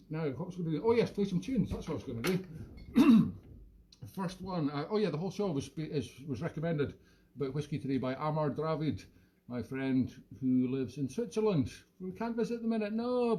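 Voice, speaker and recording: Streaming live from home during lockdown on his phone camera, a man with a Scottish accent chats casually in a jokey, wandering, self-deprecating way. His voice is a little high, warm and expressive, and he talks briskly.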